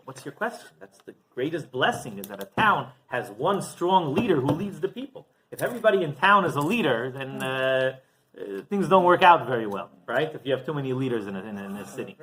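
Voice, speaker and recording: Man, rabbi, sermon storytelling, rhetorical questions, higher pitch, lively, faint noise behind.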